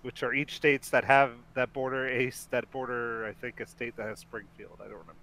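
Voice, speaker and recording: A man with a bright, forceful voice co-hosting a casual podcast and walking through a film scene by scene. He laughs often, restarts sentences and rambles along good-naturedly. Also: medium pitch, fairly even intonation, fairly quick. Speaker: podcast co-host. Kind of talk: casual chat recapping a film.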